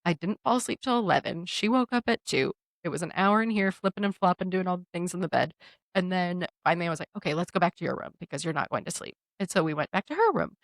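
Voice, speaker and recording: A woman co-hosting a casual podcast chat, a mother of two young children, telling lively stories and acting out the quotes. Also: on the low side, fast, no echo. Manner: animated storyteller who acts out quotes. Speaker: podcast co-host.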